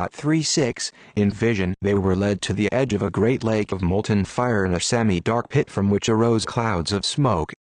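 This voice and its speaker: Low-voiced man reading an audiobook. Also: dry recording. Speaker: audiobook narrator. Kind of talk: scripted narration.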